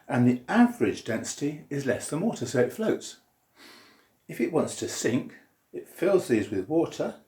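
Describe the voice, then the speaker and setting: A man's voice: mid-range voice, a little mellow. A man giving a jokey science lesson full of puns and drawing diagrams as he explains. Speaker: science teacher. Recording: roomy echo.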